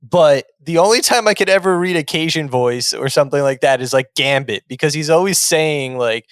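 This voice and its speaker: Male co-host, playful and laughing, a touch high-pitched. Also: clear, resonant tone, dry recording, studio quality. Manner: joking, quick to laugh. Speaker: podcast co-host. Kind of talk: casual chat.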